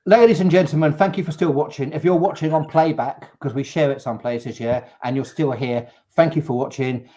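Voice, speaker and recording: An English man hosting a live chat show, telling an animated story and acting out the people in it. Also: medium pitch, normal speed, few pauses. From England. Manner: animated, acts out quotes. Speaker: host.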